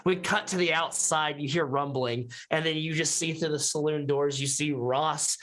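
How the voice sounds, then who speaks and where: A man's voice: on the high side, steady tone, moderate pace, fairly bright tone, soft background music. Man narrating a tabletop scene. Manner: vivid, cinematic narration. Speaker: player.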